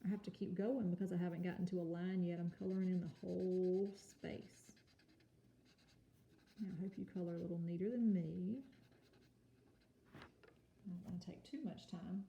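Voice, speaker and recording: A woman teaching a kindergarten home-learning lesson, speaking slowly and carefully and sounding out words for young children. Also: lowish voice, fairly even intonation, gravelly, warm tone, highs cut off. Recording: echoey room with faint noise.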